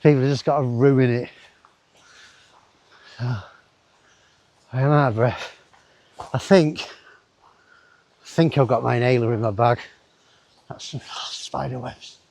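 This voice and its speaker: A man's voice: medium pitch, steady tone, takes it slowly, vocal fry, pauses often, darkish tone. A man, chatting casually to his camera as he walks through a river gorge outdoors, rambling with asides to himself. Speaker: travel vlogger. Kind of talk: casual walking commentary.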